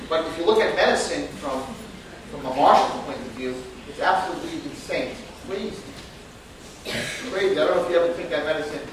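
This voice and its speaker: High-voiced man preaching in an echoey room. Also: fairly quick. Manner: animated storyteller acting out voices, laughing. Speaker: religious teacher. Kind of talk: storytelling sermon. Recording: echoey room, distant mic, noisy.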